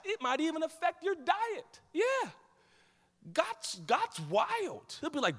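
A man preaching a sermon as pastor, animated, swinging from quiet asides to shouted peaks. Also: very high-pitched, takes it slowly. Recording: hall reverb.

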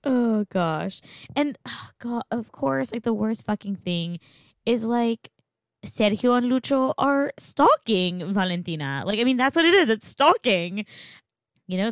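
A woman's voice: medium pitch, sing-song, unhurried, no room sound, studio quality. A woman in casual podcast chat recapping a TV show, speaking emphatically and slipping into quoted lines. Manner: emphatic, quotes characters, swears. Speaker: podcast co-host.

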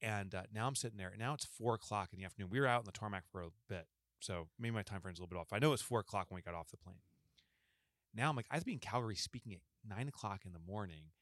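In clean, echo-free studio audio, a podcast co-host with a lowish voice races through a long, casual story. He's an animated storyteller who acts out what the people in it said.

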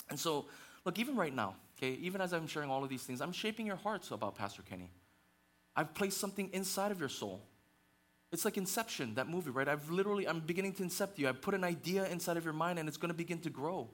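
Male pastor, slightly high voice, passionate sermon with fillers, climbs to intense peaks. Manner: passionate, rising to near-shouting intensity; conversational with many fillers and restarts.

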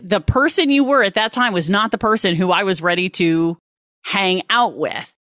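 A woman co-host talks things through in a reflective, casual way. Her voice is middle-pitched and recorded dry, with no room sound. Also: normal speed, fairly bright tone, no echo. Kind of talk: casual conversation.

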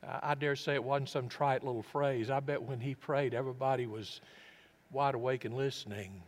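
A man preaching a sermon as a pastor, reflective and earnest, often dropping his voice low. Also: steady tone, normal speed. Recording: long reverb of a large hall.

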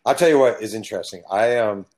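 A man's voice: fairly low pitch, fast, darkish tone. A middle-aged man from California talking bluntly and with emphasis in a casual chat, telling stories from his working life.

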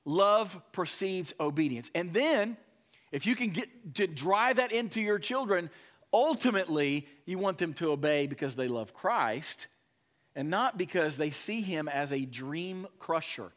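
A middle-aged man preaching a sermon in a fairly high voice. He swings between loud, pressing emphasis and hushed, quiet passages, talking straight to parents in the pews. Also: lively intonation, measured pace. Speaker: pastor.

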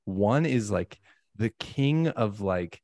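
Man, gravelly, low voice, dry close mic, podcast host, playful. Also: slow pace, no room sound. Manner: playful, joking, animated asides. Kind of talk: casual chat.

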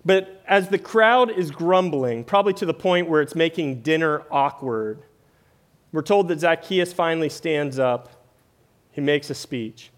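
Man, pastor, sermon, conversational, fairly high voice, says "right?" a lot. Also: a little slow.

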